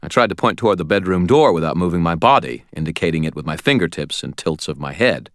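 A man narrating an audiobook in a wry, expressive storytelling manner. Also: low voice, quick pace, no echo, studio quality.

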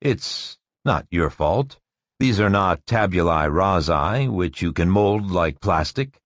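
A man's voice: mid-range voice, very animated, measured pace, no room sound, clean studio sound. A man voicing a confident lecturing school director. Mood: low, consoling. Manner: declamatory, lecturing.

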